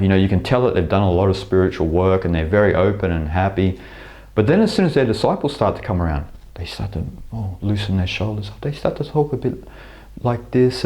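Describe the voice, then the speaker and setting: With a deep, dark-toned voice, a man lectures to camera as a spiritual teacher, reflecting on spirituality. He uses many fillers and restarts his thoughts often.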